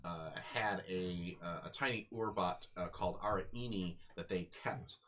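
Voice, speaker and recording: A man's voice: deep voice, measured pace, a bit bright. A man running a tabletop game as game master, talking casually with many fillers and restarts.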